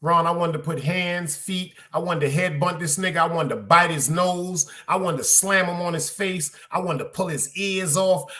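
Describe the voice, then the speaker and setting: Animated storytelling New man. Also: a little high, moderate pace, hardly any pauses. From Brooklyn, New York. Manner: animated, profane, repeats lines for emphasis, addresses listeners directly. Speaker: podcast host. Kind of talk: casual storytelling rant.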